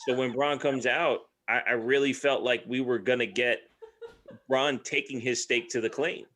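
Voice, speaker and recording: A male podcast co-host giving his take in a thoughtful, hedging manner. His voice is bright with some edge. It sits in a middle pitch. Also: fairly even intonation, normal speed, slight background noise. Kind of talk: casual chat.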